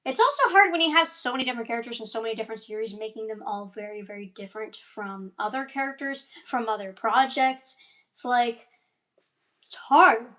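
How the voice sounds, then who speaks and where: A woman's voice: on the high side, fairly quick, a bit bright. A young woman chatting casually in a rambling vlog, full of fillers and side tangents, yawning now and then. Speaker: animator and voice actor.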